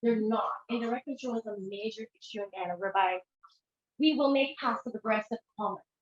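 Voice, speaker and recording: A woman with a fairly high voice gives a relaxed conference talk as a therapist, chatting with the audience and slipping into little acted-out quotes. Her voice carries through a roomy hall, and the recording sounds dull and lo-fi. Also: fairly quick. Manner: conversational, acts out quoted dialogue with shifting voices. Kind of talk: informal lecture presentation. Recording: echoey room, dull lo-fi sound.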